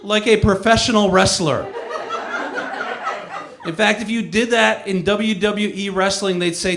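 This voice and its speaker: A male stand-up comedian spinning a story in a wry, self-deprecating way. His voice sits a bit high for a man and rings around an echoey room. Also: animated, moderate pace, creaky, fairly bright tone.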